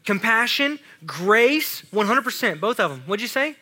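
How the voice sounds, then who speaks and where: A man preaching a casual, animated sermon to a youth group. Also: high voice, normal speed, husky. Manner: casual, animated, talks to students with "y'all". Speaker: youth pastor.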